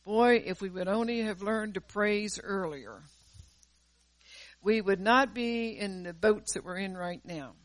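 Woman preacher, fervent, loud-to-quiet swings, repeats words, recorded dry and close. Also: mid-range voice, a little slow, dry recording. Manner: repeats words and restarts phrases while preaching. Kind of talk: sermon.

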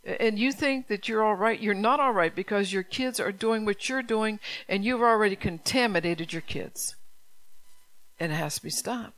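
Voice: medium pitch, normal speed, few pauses, a bit bright. A pastor preaching a stern, urgent sermon, repeating phrases and firing rhetorical questions at the congregation.

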